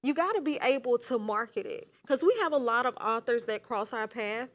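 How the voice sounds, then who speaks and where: A woman's voice: fairly high pitch, brisk, a bit bright. A woman from Alabama with a Southern accent, explaining her work as a guest author. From Montgomery, Alabama. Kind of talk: casual interview.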